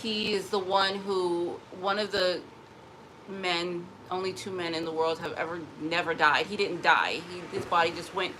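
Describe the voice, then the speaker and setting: A woman's voice: fairly low pitch, noisy background. A woman in a casual personal vlog, rambling emotionally and often restarting her sentences. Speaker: vlogger.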